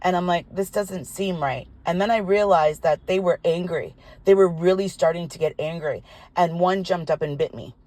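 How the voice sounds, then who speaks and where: An older woman, a tarot reader, telling a personal story in an animated, indignant way, with some swearing. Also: fairly low pitch, moderate pace, dry recording. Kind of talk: casual storytelling vlog. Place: parked car.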